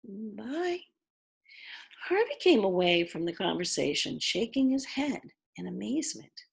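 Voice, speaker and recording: A woman narrates a children's novel in an unhurried, expressive read. Her voice has a husky, gravelly grain, and her pitch swoops widely as she tells the story. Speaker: audiobook narrator.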